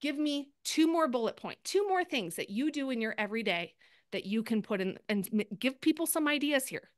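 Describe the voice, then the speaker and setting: A woman coaching a group over a video call, upbeat and quick, often acting out sample posts in lively bursts. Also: high voice, no echo, studio quality. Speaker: sales coach.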